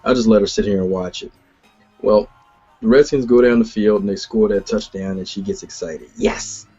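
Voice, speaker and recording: A man in his thirties co-hosting a casual sports podcast, telling animated stories and laughing often. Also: lowish voice, a little fast, slightly rough, faint music behind. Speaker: podcast co-host. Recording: dull lo-fi podcast audio.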